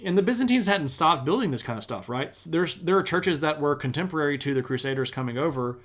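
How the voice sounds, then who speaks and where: A man's voice: a little high, animated, fast, fairly bright tone. A man streaming a live history lecture, talking in a casual, enthusiastic way with plenty of slang.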